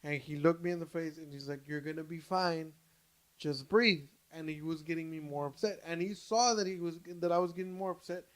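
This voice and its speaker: A young adult man, a podcast co-host, in loose casual storytelling. His voice sits a touch high for a man, and he keeps swearing, stalling on "uh" and restarting his sentences. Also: a little fast. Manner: animated, swears freely, many restarts and fillers.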